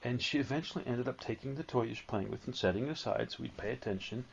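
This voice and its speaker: A man giving a live spiritual talk to an audience, animated and storytelling, at times acting out a whining child. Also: mid-range voice, fast talker, vocal fry, highs cut off, slight background noise.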